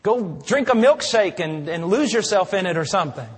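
Husky-voiced preacher in a reverberant church. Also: male voice, high voice, expressive, normal speed. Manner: conversational, folksy preaching. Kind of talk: sermon.

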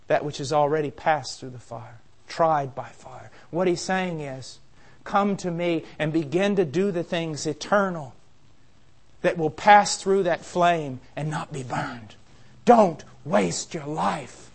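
A man preaching a sermon with passion, building to loud urgent peaks and dropping to quiet, intense warnings. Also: on the high side, slow.

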